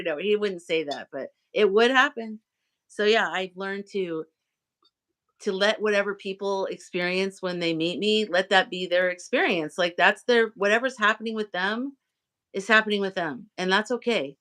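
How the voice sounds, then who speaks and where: A woman's voice: mid-range voice, a little fast, a bit bright. A woman hosting a casual livestream chat, talking freely with lots of fillers and acting out the voices of people she quotes. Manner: chatty, acts out quoted voices, many fillers. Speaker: livestream host. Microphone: live video stream.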